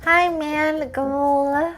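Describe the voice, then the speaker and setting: A woman's voice: high-pitched, little pitch movement, very slow, a bit bright. Tired young woman streamer, chatty. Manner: chatty, many "like" fillers, swears. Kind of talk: casual chat with viewers. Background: faint music.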